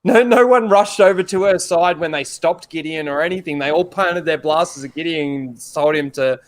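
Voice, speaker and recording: A man with a slightly higher voice than most, chatting casually on a podcast. He talks emphatically and vents his frustrations, dropping the odd swear word. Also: moderate pace. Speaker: podcast co-host. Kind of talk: casual chat.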